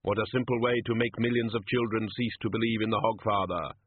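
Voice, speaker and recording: A man voicing Death, a solemn skeletal figure who speaks in slow, measured pronouncements. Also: fairly low pitch, fairly even intonation, a little hiss or hum, close to an everyday voice. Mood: grave. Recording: narrow phone-like sound.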